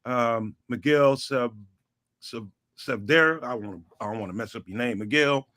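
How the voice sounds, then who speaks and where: A man guesting on a sports talk show, with a bright, forceful voice at a middling pitch. He talks in an animated, slangy way and loops back on phrases to hammer his point home. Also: normal speed. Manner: animated, slangy, repeats himself for emphasis. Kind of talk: casual sports talk chat.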